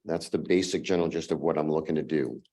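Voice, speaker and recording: A hoarse man who is losing his voice, making a formal presentation as an applicant to a town zoning board and running through a numbered list with fillers. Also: very deep voice, fast, mellow. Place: town meeting room.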